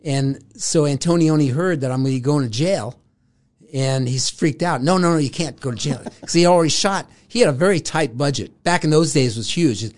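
A man's voice: fairly high pitch, brisk, darkish tone. An older man, a guest in an interview, telling a long story in casual talk with frequent laughs. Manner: rambling, laughs often, acts out quoted voices.

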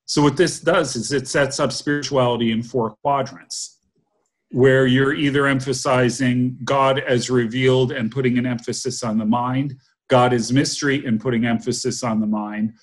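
A man in a casual discussion, explaining ideas step by step in a methodical way. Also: medium pitch.

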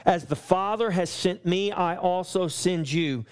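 A man preaching a sermon as pastor, pressing his points with repeated lines and slowing down when he quotes scripture. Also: high voice, clear, resonant tone.

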